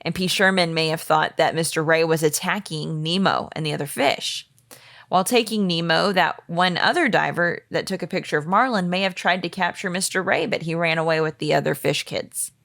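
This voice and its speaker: A woman's voice: lowish voice, brisk, gravelly, fairly bright tone, no echo, clean studio sound. A woman co-hosting a podcast, reading out a fan theory in a playful, giggly way. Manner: playful, giggly, tries silly accents. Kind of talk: casual chat, reading a theory aloud.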